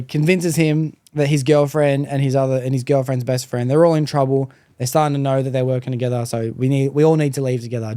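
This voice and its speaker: Podcast host guy, warm mellow voice, swears a lot, animated storytelling, dry close sound. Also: mid-range voice, dry recording. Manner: profane, animated storyteller, slangy. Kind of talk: casual chat, storytelling.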